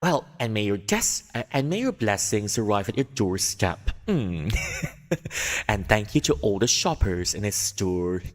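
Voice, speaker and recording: A man's voice: fairly low pitch, sing-song, a little slow. A man voicing a male Qilin spirit in a mock newscaster manner, proclaiming blessings to shoppers, with a long reverb on the recording. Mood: formal blessing.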